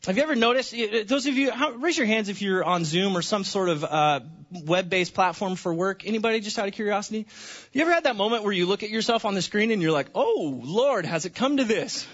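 A man's voice: high voice, quick pace, a bit bright, muffled recording. A man preaching a Sunday sermon in a church, conversational, often repeating words and restarting phrases. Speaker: pastor.

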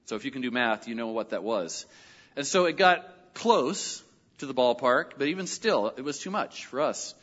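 A middle-aged male pastor telling a personal story in a sermon, animated and lively when he quotes other people. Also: mid-range voice, moderate pace. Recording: dull audio with long hall reverb.

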